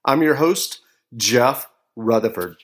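A man hosting a podcast, introducing his guest and asking questions in a plain, measured way. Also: mid-range voice, lively intonation. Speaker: podcast host. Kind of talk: scripted podcast interview.

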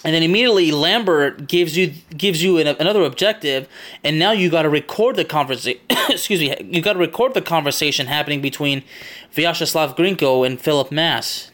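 This podcast host, his pitch slightly elevated, walks through a game level purely from recollection, often straying off topic before doubling back. His talk is relaxed and conversational, punctuated by easy laughter, delivered fairly quickly with a somewhat bright sound.

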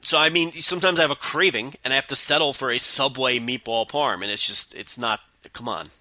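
A man co-hosting a podcast, talking casually in a relaxed way with plenty of restarts. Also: mid-range voice, a little fast, dry recording. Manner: relaxed, many restarts and you-knows. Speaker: podcast co-host. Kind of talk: casual chat.

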